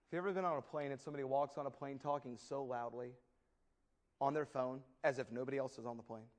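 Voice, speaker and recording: A man preaching a sermon, dramatic and storytelling, swinging between loud declaiming and soft asides with folksy humor. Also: medium pitch, steady tone, quick pace.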